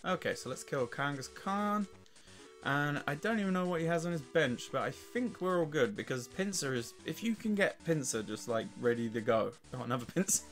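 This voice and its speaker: A man's voice: on the high side, lively intonation, normal speed, fairly bright tone, faint music behind. An English man with a weak, worn voice gives casual gameplay commentary, laughing and swearing as he trash-talks the game. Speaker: let's play host.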